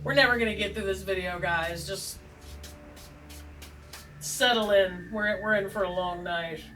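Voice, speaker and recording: A woman's voice: medium pitch, a little slow, a bit bright, recorded from a distance, poor audio. A woman hosting a tarot video, chatting in a rambling, joking, self-deprecating way with plenty of asides. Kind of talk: rambling casual chat. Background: faint background music.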